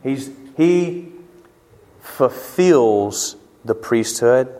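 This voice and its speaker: A man with a Southern American accent preaching a sermon as pastor, animated and emphatic, with rhetorical questions and repetition. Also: medium pitch, very slow. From Southern United States. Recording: long hall reverb.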